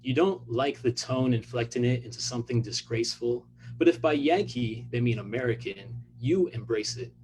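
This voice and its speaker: A man, an author, reading his own fiction aloud in a measured, even delivery. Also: mid-range voice, poor audio.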